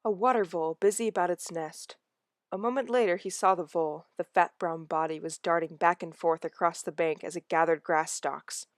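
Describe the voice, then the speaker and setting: A woman reads a novel aloud in a lowish, hushed voice, easing toward a whisper when the story tightens. The sound is dry and close, with no room around it. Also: steady tone, moderate pace, no room sound. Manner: soft, hushed narration that drops to a whisper in tense moments. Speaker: audiobook reader.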